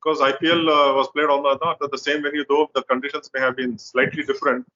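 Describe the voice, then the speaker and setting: A man with an Indian accent co-hosting a cricket chat, explaining in a measured, hesitant way. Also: medium pitch, flat delivery, sharp tone, lo-fi sound. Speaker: co-host, cricket journalist. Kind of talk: casual cricket analysis.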